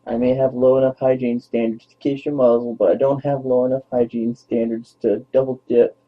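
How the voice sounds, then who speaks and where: A man's voice: mid-range voice, level tone, a little fast. A young man rambling playfully to his dog on camera in baby talk, as a vlogger. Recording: tinny phone-like lo-fi audio.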